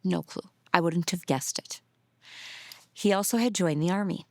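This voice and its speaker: Gravelly, low-voiced middle-aged woman. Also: normal speed, no room sound, studio quality. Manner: earnest, emotional, often drops to a soft near-whisper. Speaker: grieving mother. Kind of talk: documentary interview storytelling.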